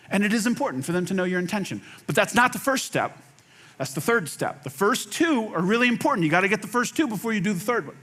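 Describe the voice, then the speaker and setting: Pastor, male, high-pitched; casual animated sermon delivery with acted-out quotes and repeated lines. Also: fast. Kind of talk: conversational sermon.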